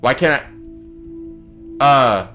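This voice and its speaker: A man's voice: mid-range voice, expressive, very slow, pushed and bright. A man giving gameplay commentary, flustered and swearing a lot as he talks to his viewers. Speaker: let's play gamer. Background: game music.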